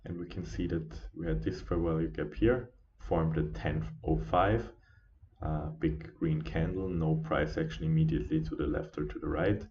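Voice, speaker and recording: A tired man talking casually through a live trading stream as its host, halting with many fillers and restarts. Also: rumbling low, fairly even intonation, slight background noise. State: sleepy, yawning. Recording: dull lo-fi stream audio.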